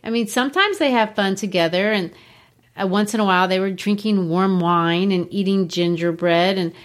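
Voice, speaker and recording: A woman's voice: medium pitch, moderate pace. Chatty woman discussing a novel. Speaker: book podcast co-host. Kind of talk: casual book discussion.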